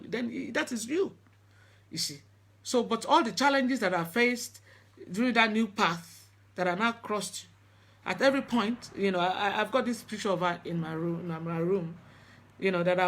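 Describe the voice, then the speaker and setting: Earnest middle-aged woman. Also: medium pitch. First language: Yoruba. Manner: earnest, halting, with many restarts. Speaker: spiritual practitioner. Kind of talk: personal storytelling talk.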